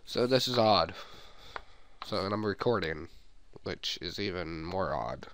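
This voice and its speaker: A man's voice: deep voice, animated, measured pace, a bit bright, a little hiss or hum. A young man rambling playfully as he comments on a video game he is playing. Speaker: let's play host. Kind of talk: let's play commentary.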